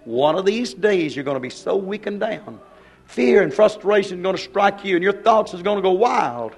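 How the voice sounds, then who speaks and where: A man's voice: sits high, animated, normal speed, breathy edge. An older man, preaching a fervent, exhorting sermon.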